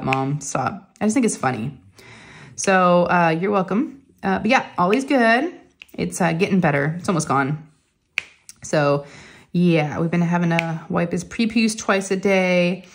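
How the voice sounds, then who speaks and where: A middle-aged woman chatting casually to viewers from home, telling stories with lots of fillers and giggles. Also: lowish voice. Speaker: crafting vlogger.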